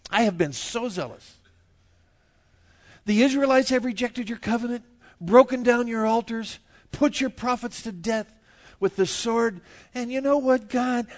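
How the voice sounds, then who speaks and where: A man voicing a self-pitying old prophet who whines about being the only one left. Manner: whiny, high and drawn out. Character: whining self-pitying older male prophet.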